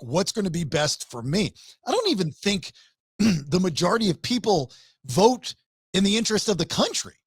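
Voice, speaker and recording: A man's voice: on the high side, dry recording. A man co-hosting a podcast, talking in casual chat, musing and repeating words as he thinks. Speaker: podcast co-host.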